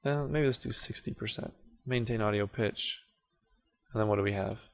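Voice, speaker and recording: A lowish, creaky man's voice at normal speed guides viewers casually through video editing in a screen recording. He keeps things relaxed, talks over his clicks, and fixes his own slips now and then.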